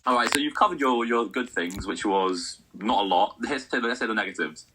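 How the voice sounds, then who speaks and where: A man's voice: fairly low pitch, a little hiss or hum. A young man co-hosting a film review, asking questions and teasing in a casual chat. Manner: quick, animated, asks questions, teasing.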